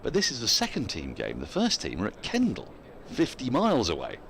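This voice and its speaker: A man's voice: lowish voice, wildly swooping pitch, fairly quick, gravelly, a bit bright, a little hiss or hum. A man giving live cricket commentary in a chatty way, laughing often and reading out listener emails between the play.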